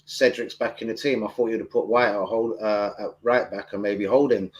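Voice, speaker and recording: A man's voice: fairly low pitch, steady tone, moderate pace, highs cut off. A man, chatting loosely and swearing as he hosts a football fan live stream. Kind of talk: casual live stream chat.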